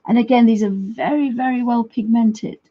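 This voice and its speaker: Woman, livestream art tutor, chatty and easygoing, soft husky voice, slightly dull lo-fi audio. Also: fairly high pitch, fairly even intonation, moderate pace. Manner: chatty, friendly asides to viewers, trailing restarts. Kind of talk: casual live craft demonstration.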